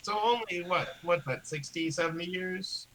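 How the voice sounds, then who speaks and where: A man's voice: sits high, moderate pace, sharp tone, a little hiss or hum, low-quality recording. A man playing in a tabletop game, often stopping and restarting mid-sentence. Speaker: player. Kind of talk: tabletop role-play.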